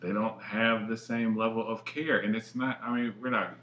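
A man with a lowish voice and a bright, forceful edge co-hosts a casual conversation. He speaks emphatically in slangy, profane bursts. The room adds a clear echo around him. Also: steady tone, normal speed, slight background noise. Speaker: podcast co-host. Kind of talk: casual chat. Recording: echoey room.

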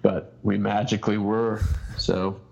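A man being interviewed as an ultrarunner guest, telling a long story in halting bursts that keep restarting. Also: on the low side, flat delivery, creaky, darkish tone, dull audio. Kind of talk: casual podcast interview.

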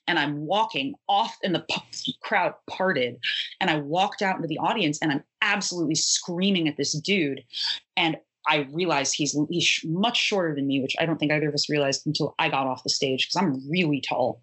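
A woman with a husky, slightly low voice tumbles through a wry, profanity-laced tale from her life in a punk band. She talks in a casual, conversational way with sharp, dry asides. Her delivery stays quick and tumbling throughout. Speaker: punk musician guest. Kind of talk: conversational storytelling.

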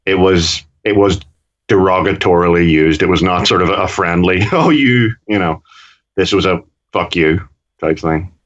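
A Northern Irish man with a very deep voice chats loosely on a podcast, wandering through his points and correcting himself as he goes. The sound is a little dull and lo-fi. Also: flat delivery, normal speed. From Northern Ireland. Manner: rambling, self-correcting. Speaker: podcast co-host. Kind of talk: casual chat.

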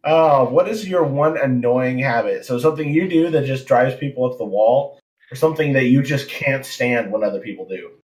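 Woman co-host, very low voice, lively pitch, dry quips. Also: normal speed. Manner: dry quips, reads questions out. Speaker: podcast co-host. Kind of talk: casual chat.

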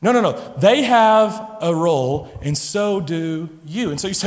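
A middle-aged man preaching a sermon to a congregation, animated, now and then acting out the voices of his listeners and his children. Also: sits high, measured pace, few pauses. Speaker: pastor. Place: church sanctuary. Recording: long reverb of a large hall.

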